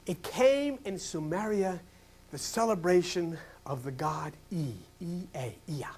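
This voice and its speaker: An older male pastor from New Jersey preaching a sermon, swinging from loud, emphatic questions to hushed whispers. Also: high voice, expressive, a little slow, slight background noise.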